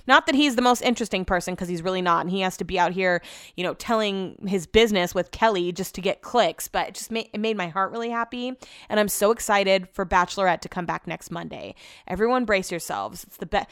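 A woman's voice: medium pitch, fairly bright tone, dry recording, studio quality. A young woman hosting her own podcast, rambling in casual chat with lots of fillers and restarts. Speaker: podcast host. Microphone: podcast mic.

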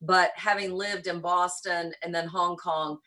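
An older woman with a faint Southern lilt that still slips into her vowels. Her voice is husky and a little breathy, and she tells her stories in a relaxed interview, reflective with a light touch of humor. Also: lowish voice, unhurried. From rural Kentucky, US. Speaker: interview guest, church missionary. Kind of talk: conversational interview.

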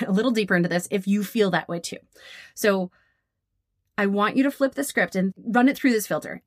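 A woman's voice: no echo, clean studio sound. Chatty upbeat woman coaching photographers. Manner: chatty and upbeat, acts out quoted dialogue with big pitch jumps. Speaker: podcast host and photography coach. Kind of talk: casual coaching monologue.

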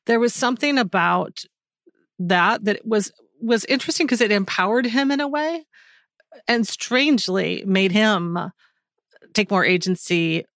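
A woman's voice: medium pitch, expressive, unhurried, fairly bright tone, dry recording, clean studio sound. A woman in her forties, a guest on a podcast, speaking in a candid and thoughtful way, sometimes searching for words. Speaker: guest author. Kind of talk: reflective interview talk.

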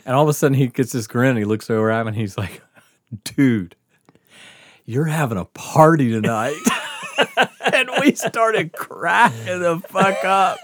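A man's voice: fairly high pitch, moderate pace, fairly bright tone, no echo. A man telling a story in casual chat, laughing often and swearing freely. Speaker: podcast host telling a story.

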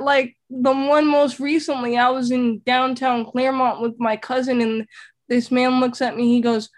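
High-voiced animated young woman. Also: moderate pace. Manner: animated, emphatic storyteller. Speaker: guest. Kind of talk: casual storytelling interview.

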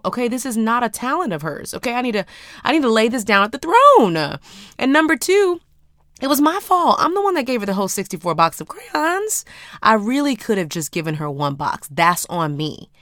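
A woman podcast host, telling a personal story in a dramatic, animated way with casual slang. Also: medium pitch, dry recording, studio quality.

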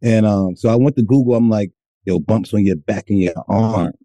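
A man co-hosting a podcast, telling stories in a profane, animated, casual way. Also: lowish voice, normal speed, dry recording. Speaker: podcast co-host. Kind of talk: casual chat.

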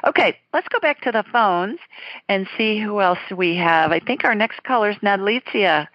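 A woman's voice: medium pitch, expressive, normal speed, no echo, muffled recording. A woman hosting a psychic call-in show, chatty and playful, reading listener questions and talking with callers. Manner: chatty, playful, laughs easily. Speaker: psychic radio show host.

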